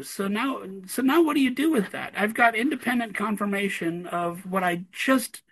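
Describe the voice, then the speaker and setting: A man, a parent of a toddler, telling a story in casual conversation, animated and laughing often between lines. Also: high voice, normal speed, creaky, few pauses, breathy edge, poor audio. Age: adult parent of a toddler.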